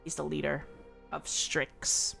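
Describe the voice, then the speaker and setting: A woman's voice: deep voice, slow pace, vocal fry, soft background music. A woman streamer chatting casually, giggling often as she talks. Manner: giggly, animated, laughs often. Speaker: streamer host.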